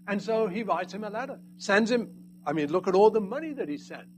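A high-pitched male preacher delivering a sermon with sharp swings in volume, booming one moment and dropping to near-whispers the next. A faint hum sits under the recording. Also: expressive, a little fast, low-quality recording. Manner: dynamic, swinging from loud emphasis to hushed asides.

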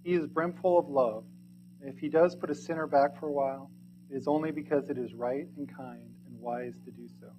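A man reading a sermon aloud in archaic English, earnest and pleading, swinging from loud to hushed. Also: medium pitch, fairly even intonation, fairly quick, slight background noise, low-quality recording.

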